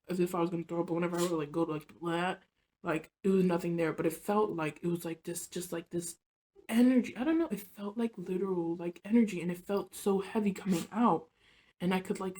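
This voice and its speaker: On her vlog, a woman vlogger shares a personal story in a rambling, confessional way, peppering it with "like" and "you know" while frequently dropping soft and low.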